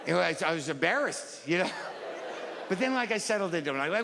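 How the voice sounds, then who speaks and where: A man's voice: sits high, very animated, quick pace, vocal fry, bright, forceful tone, a little hiss or hum. A man performing a stand-up routine on a live stage, telling a rambling, stammering, self-deprecating story. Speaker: stand-up comedian. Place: live comedy stage before an audience. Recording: reverberant live hall with audience.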